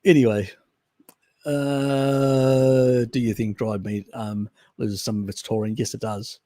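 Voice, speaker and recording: This Australian live stream host speaks slowly at a medium pitch, with a flat delivery and warm tone in a dry, studio-quality recording. He answers viewer questions in a relaxed way, with restarts and chuckles.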